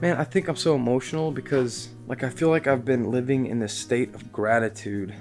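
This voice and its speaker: A man's voice: mid-range voice, steady tone, brisk, music in the background. A middle-aged man vlogging on his last day at his cabin, choked up and sighing as he talks to himself. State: tearful. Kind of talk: emotional personal vlog.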